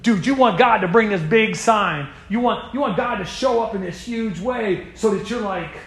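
Young male youth pastor with a high voice. Casual sermon, loud stressed lines that drop to hushed asides. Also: normal speed, vocal fry. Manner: swings between loud emphasis and hushed, dropped asides; casual, talks to the audience as dude and man.

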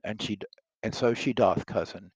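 A man's voice: lowish voice, moderate pace, breathy edge, no echo, rough recording. A man reading aloud the part of a lovestruck young nobleman in an earnest, declaiming way.

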